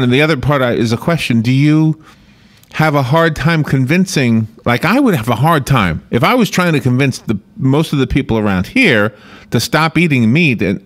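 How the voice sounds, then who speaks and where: A male radio host interviews a guest, easygoing and conversational. His questions are loose and friendly, and he wraps up the segment himself. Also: medium pitch.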